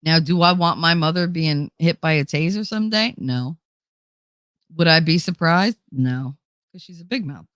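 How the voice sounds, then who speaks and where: On a dry recording, a low-pitched woman with a slightly bright voice speaks at normal speed. She runs a casual live chat as its host, answering viewers bluntly with lots of swearing and mimicking the people she describes.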